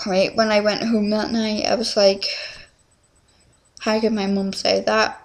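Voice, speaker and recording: A woman's voice: mid-range voice, level tone, unhurried. A teenage girl, rambling through a casual confessional vlog at home, full of fillers and restarts. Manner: rambling, scattered, many fillers. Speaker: vlogger.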